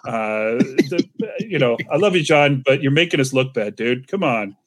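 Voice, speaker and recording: A man's voice: mid-range voice, lively intonation, normal speed. A man co-hosting a podcast, bantering in a friendly, enthusiastic way. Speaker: podcast co-host. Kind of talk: casual podcast chat.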